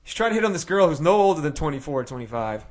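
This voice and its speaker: A man's voice: fairly high pitch, sing-song, fast talker. Rambling man telling a story. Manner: rambling storyteller, many fillers and restarts. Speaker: podcast co-host. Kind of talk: casual chat, storytelling.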